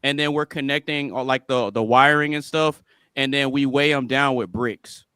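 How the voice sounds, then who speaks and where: Bright, crisp-voiced male host. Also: medium pitch, normal speed, no echo, clean studio sound. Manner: relaxed, conversational. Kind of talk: live-stream panel hosting.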